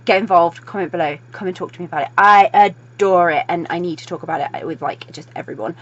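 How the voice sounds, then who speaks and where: A young woman gushes about a book she loves, talking fast and breathlessly with plenty of fillers. Her voice sits on the lower side for a woman. The recording sounds dull and lo-fi. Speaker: book reviewer. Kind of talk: excited video book review.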